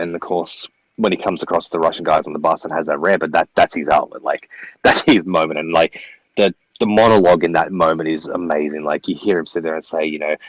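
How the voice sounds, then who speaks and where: Man, very deep voice, guest film talk, long steady retelling, dry sound. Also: no room sound, poor audio. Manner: recounts scenes in long steady runs. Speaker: guest co-reviewer. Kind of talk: casual film discussion.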